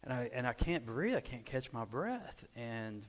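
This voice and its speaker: A man in his forties from Arkansas, telling a lively personal story at church and acting out the dialogue. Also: mid-range voice, measured pace. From Arkansas, USA. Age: 40s. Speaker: church speaker. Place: church sanctuary. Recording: echoey church hall.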